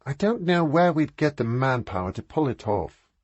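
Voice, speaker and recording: Casual: guy doing a snappy posh lady, lively ups and downs. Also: normal speed, dry recording, highs cut off. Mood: brusque. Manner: exclaiming, higher voice. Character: aristocratic Englishwoman, sharp-tongued and brusque.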